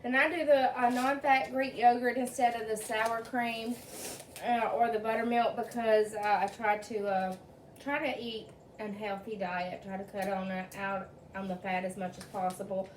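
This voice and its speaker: A woman's voice: on the high side, little pitch movement, moderate pace, a little hiss or hum. A woman hosting her own cooking channel, talking viewers through a recipe in a chatty, homey way with plenty of fillers, recorded in her home kitchen. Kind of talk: casual cooking demonstration. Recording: roomy, distant sound.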